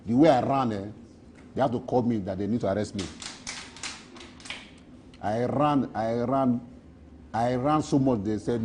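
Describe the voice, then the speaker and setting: A man's voice: medium pitch, unhurried, long pauses, a little mellow, slight background noise. A Nigerian man in a street interview, rambling playfully and boasting, repeating his phrases.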